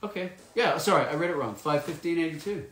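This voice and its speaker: A man's voice: a little high, expressive, fast, a bit bright, slight background noise. A man chatting casually and playfully while signing autographs and reading fan messages aloud. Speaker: actor signing autographs for fans. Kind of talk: casual live signing chat. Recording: roomy echo.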